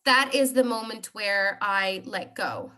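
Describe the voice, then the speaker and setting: Slow, bright-voiced woman in her thirties. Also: mid-range voice. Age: 30s. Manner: hesitant, many fillers and restarts. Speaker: guest sharing a healing story. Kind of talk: personal testimony on a group call.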